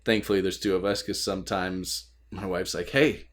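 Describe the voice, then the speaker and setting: Low-voiced dad joking candidly. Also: male voice, little pitch movement, brisk. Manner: candid, joking, laughs often, mild swearing. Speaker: podcast co-host, new father. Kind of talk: casual podcast chat. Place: home desk, recording remotely.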